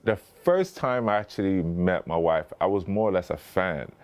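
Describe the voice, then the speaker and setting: A man's voice: low voice, lively intonation, normal speed, a little mellow. A man who is a podcast guest, talking casually and rambling through stories, full of fillers and restarts and acting out quoted dialogue. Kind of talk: conversational interview storytelling.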